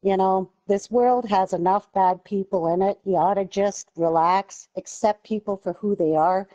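A middle-aged woman lectures the players on a game's voice chat, stern and mock-calm as she talks down to them. Her tone is soft and mellow, with an ordinary mid-level pitch. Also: moderate pace, highs cut off. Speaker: parent scolding gamers on voice chat. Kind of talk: voice chat argument.

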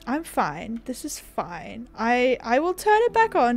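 A woman streamer talking casually to her live chat while she plays, giggling often. Her voice sits high and bounces up and down a lot, and she talks at a slow, easy pace. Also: huge pitch swings, soft background music. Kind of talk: casual gaming livestream chat.

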